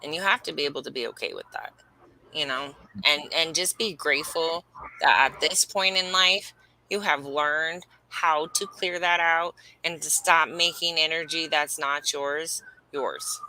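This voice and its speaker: Bright-voiced woman explaining human design. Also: deep voice, a little slow, a little hiss or hum, low-quality recording. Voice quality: emphatic, rambling with many fillers. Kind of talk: casual spiritual teaching chat.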